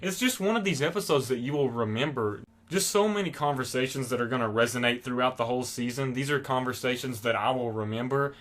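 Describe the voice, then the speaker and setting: A young man talks at an ordinary, mid-range pitch in an excited, gushing way. He rambles through his thoughts and leans on plenty of fillers. He sounds like a casual solo reviewer speaking straight to his viewers. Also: fast talker, hardly any pauses. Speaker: TV episode reviewer.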